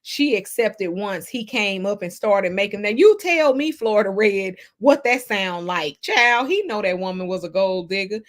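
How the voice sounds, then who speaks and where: A woman hosting a casual gossip livestream, sassy and animated, laughing often as she reads the chat. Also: mid-range voice, moderate pace, hardly any pauses. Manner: sassy, animated, laughs a lot, Southern Black American slang. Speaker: livestream host reading chat.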